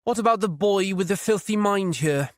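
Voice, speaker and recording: A man reading an audiobook, voicing a sharp, sardonic female detective sergeant in a raised voice. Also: high voice, moderate pace, no room sound, pitched above the performer's own voice, natural voice. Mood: chiding. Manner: dry, teasing.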